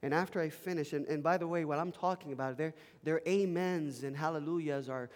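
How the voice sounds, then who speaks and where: A man whose first language is Spanish preaches a storytelling sermon in a fairly high voice. He is emphatic and animated. His words hang in a chapel's long reverb. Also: fast. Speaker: pastor.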